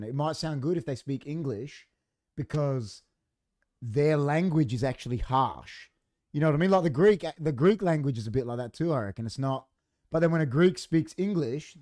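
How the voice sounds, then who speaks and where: Laid-back Australian man, mellow voice. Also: on the high side, no room sound, clean studio sound. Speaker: podcast co-host. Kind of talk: casual chat.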